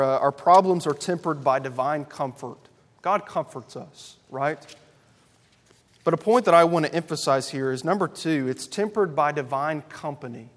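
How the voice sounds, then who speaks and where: A man preaching a sermon to a congregation, emphatic and building through loud repeated lists. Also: on the high side, big-room sound. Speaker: pastor.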